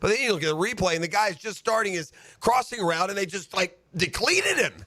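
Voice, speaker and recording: A fired-up male sports radio host tears into a game from behind a studio microphone, his voice sitting a little high with a bright, forceful edge. The sound is dry and close, and his ranting swells into shouts. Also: quick pace, no echo. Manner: animated ranting, building to shouts. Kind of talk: sports talk radio commentary. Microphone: studio broadcast microphone.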